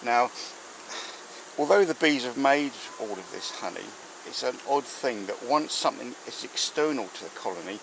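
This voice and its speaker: Lively in intonation and moderate in pace, a man with a medium-pitched, fairly bright voice rambles chattily with plenty of fillers while tending a hive outdoors. The low-quality camera recording, handheld or mounted, carries slight background noise and the clear buzz of bees.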